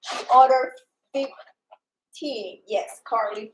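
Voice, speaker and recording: A woman from Colombia with a Colombian Spanish accent, chatting casually and excitedly about a wellness product, acting out customers' lines. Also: fairly high pitch, measured pace, slight background noise, poor audio. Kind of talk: casual livestream chat.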